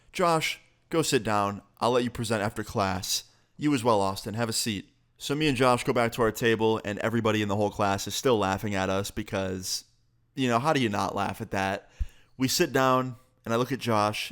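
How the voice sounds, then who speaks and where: A young man tells a story from his school days to his viewers. He talks casually and swears freely. His voice is mid-pitched, and his delivery is animated. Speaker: vlogger.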